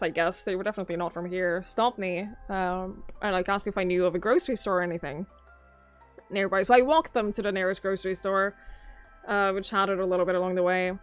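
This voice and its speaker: A young Norwegian woman streaming live and chatting with her viewers in a rambling, easygoing way, often laughing. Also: medium pitch. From southern Norway. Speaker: livestreamer. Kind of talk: casual chat with viewers. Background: faint background music.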